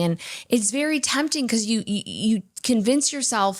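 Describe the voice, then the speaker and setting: A woman's voice: sits high, expressive, moderate pace, few pauses, fairly bright tone. A woman co-hosting a faith podcast, telling personal stories in an earnest, emphatic way. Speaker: podcast co-host. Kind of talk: candid faith talk.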